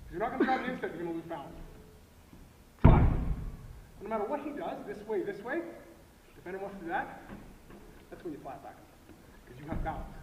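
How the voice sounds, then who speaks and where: A man explains blocking technique at a coaching clinic, driving his points home and pausing for "okay?" His voice sits high for a man. He is recorded from across a large hall with a long, roomy echo. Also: animated. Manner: emphatic, repetitive, frequent "okay?". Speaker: football line coach. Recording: echoey hall, far from mic, noisy.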